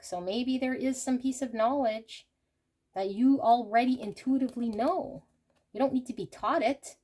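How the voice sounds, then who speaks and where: A woman's voice: fairly high pitch, a little mellow. A woman giving a pick-a-card tarot reading to her viewers, talking emphatically with rants and many "okay"s. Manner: emphatic, ranting, rapid asides; frequent fillers like "okay" and "here". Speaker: tarot reader. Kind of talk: intuitive tarot reading to camera.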